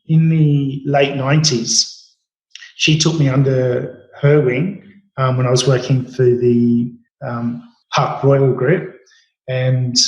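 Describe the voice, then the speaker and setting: A middle-aged Australian chef, appearing as a podcast guest, tells stories casually in an interview, rambling with lots of fillers and restarts. His voice is mid-range, and the low-quality recording has an echoey room sound.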